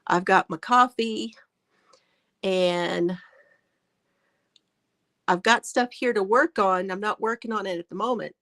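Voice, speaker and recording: A woman's voice: medium pitch, takes it slowly, pauses often, fairly bright tone. A woman hosting a casual crochet livestream from her phone, chatting, laughing often and greeting viewers by name.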